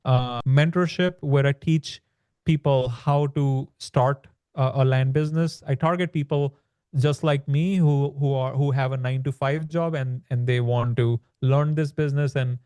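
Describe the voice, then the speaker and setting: A man's voice: mid-range voice, steady tone, measured pace, a little mellow, smooth, no room sound, studio quality. A man, a podcast guest, explaining in casual talk and often dropping "like" and "right?". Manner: explanatory, peppers speech with "like" and "right?". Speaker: podcast guest, land business author. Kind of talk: conversational podcast interview.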